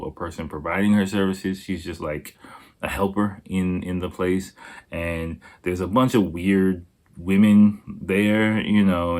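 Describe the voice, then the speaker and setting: A man with a deep, low-pitched voice hosting a podcast solo. He talks in a loose, rambling way, swearing freely and circling back with fillers and restarts. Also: darkish tone. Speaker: podcast host. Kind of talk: casual rambling monologue.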